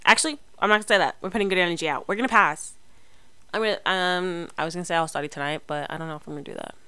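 Young woman, casual rambling vlogger, lower pitch, very dry close recording. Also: racing, bright, forceful tone, clear, resonant tone, no echo. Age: young adult. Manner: chatty, rambling, lots of fillers and self-corrections. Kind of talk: casual chat to camera.

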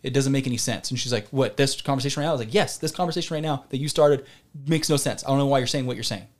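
Fast-talking rambling man telling a story. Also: medium pitch. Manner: rambling, digressive, swears and laughs while telling a story. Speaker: podcast co-host. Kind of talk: casual storytelling chat.

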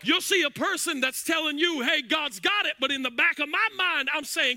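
Fiery preacher man, high bright voice. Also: moderate pace, no echo, studio quality, soft background music. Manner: fiery preaching, shouting and half-singing phrases. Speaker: pastor. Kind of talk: sermon. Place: church sanctuary.

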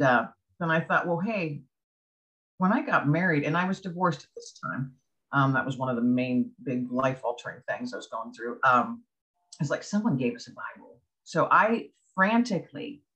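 A woman's voice: sits low, fairly bright tone, dull audio. A woman as an interview guest, telling her personal faith testimony earnestly and acting out her own past thoughts as she goes.

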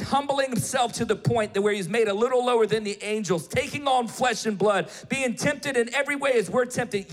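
A male preacher giving an impassioned sermon, swinging between shouted appeals and hushed storytelling. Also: extremely high pitch, big-room sound.

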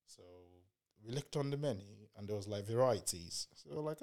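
A man from the UK, co-hosting a podcast, retelling a trip in slangy, animated casual chat. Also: fairly low pitch, fairly quick. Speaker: podcast co-host.

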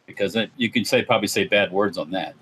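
A man's voice: fairly low pitch, quick pace, a bit bright, slight background noise, low-quality recording. A man hosting a podcast, chatting casually and rambling, swearing now and then. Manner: rambling, swears, mimics voices in asides. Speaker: podcast host.

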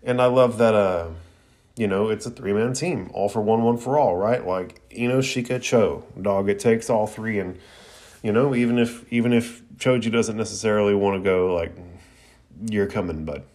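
A man with a fairly low voice reviewing an anime episode. His delivery is casual and full of slang, and he laughs and gets excited as he retells the scenes. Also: normal speed.

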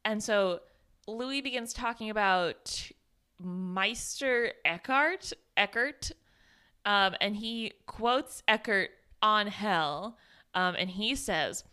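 A woman co-hosting a horror movie podcast, retelling scenes in a lively, laughing way. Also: medium pitch, slow, smooth. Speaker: podcast co-host. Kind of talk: casual movie recap chat.

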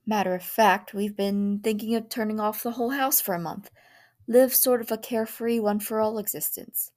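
A woman voicing an anxious middle-aged father in a storybook reading, worried and firm, sometimes hushed. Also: mid-range voice, moderate pace, pitched above the performer's own voice, natural voice. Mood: stern.

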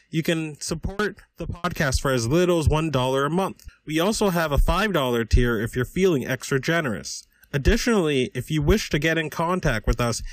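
A man hosting a podcast, reading out support links, codes and contact details. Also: on the high side. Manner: reads out addresses and codes slowly. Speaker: podcast host. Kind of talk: reading sponsor and support notes.

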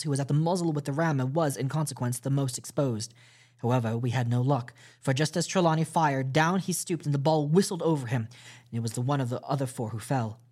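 Man reading a story aloud. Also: medium pitch. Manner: steady, measured reading with small restarts. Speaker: podcast host reading a novel aloud. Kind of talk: audiobook storytelling narration.

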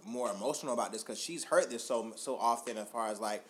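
A man's voice: mid-range voice, fast talker, a little hiss or hum. A man co-hosting a podcast in laid-back, rambling chat, swearing freely. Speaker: podcast co-host. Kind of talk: casual chat.

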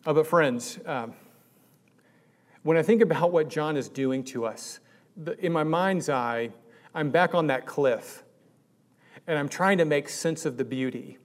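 A man's voice: a little high, measured pace, pauses often. A man preaching a sermon in a conversational way that rises to emphatic peaks. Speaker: pastor.

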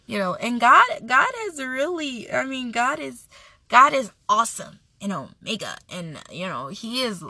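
A woman's voice: fairly high pitch, big pitch swings, measured pace, bright, forceful tone, no room sound. A young woman hosting a devotional podcast, reading Bible verses and sharing an earnest, chatty personal testimony. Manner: earnest, chatty, self-correcting.

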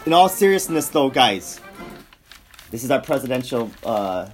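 Brief: male podcast host, relaxed rambling chat, repeats words, mid pitch. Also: moderate pace, soft background music. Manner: rambling, jokey, repeats himself. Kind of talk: casual chat.

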